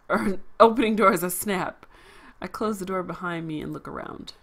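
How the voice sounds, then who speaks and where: A woman's voice: lowish voice, normal speed, fairly bright tone. A woman game streamer reading game text aloud and reacting in a casual, giggly, wisecracking way.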